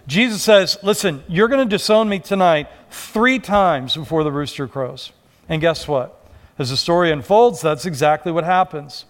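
High-voiced male pastor preaching conversationally. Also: normal speed. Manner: conversational, acts out quoted voices. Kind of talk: sermon.

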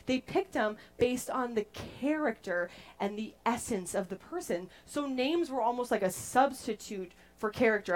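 A young adult woman preaching a casual, playful sermon to a group, chatty and animated as she tells stories. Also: fairly high pitch.

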